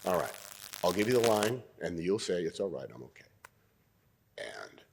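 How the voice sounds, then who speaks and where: An older man giving an audience an acting exercise, coaching them and trying out lines in different tones, often clearing his throat. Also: deep voice, very animated, moderate pace, background noise. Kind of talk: interactive acting lesson in a lecture. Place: university debating hall.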